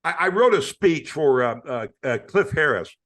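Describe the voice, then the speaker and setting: Animated older male storyteller, bright voice. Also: on the high side, moderate pace. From United States. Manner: animated storyteller, acts out quoted voices, frequent stammering restarts. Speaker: retired sportscaster guest. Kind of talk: storytelling in a podcast interview.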